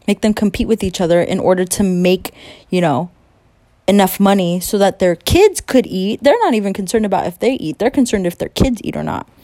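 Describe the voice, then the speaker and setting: A woman's voice: medium pitch, animated, brisk, mellow, no room sound. A young woman in a late-night rant, angry and profane, with heavy emphasis on her words. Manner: mocking whiny voice when imitating others. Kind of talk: late-night ranting monologue.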